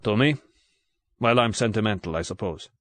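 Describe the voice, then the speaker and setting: A man's voice: on the low side, moderate pace, no room sound, close to an everyday voice. A male audiobook reader voicing an earnest English secret agent, urgent and sincere. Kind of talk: audiobook character voice.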